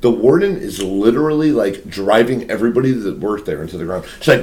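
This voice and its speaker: A man's voice: medium pitch, sing-song, a little fast, hardly any pauses. Profane rambling male podcast storyteller. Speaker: podcast host. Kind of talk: casual storytelling chat.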